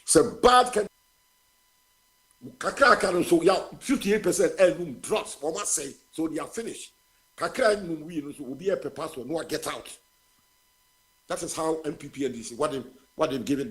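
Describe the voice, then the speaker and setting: A man in his seventies with a Ghanaian accent, calling in to a radio show and emphatically condemning the politicians, switching between Twi and English. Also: a little high. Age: 70s. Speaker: caller. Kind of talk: heated political call-in.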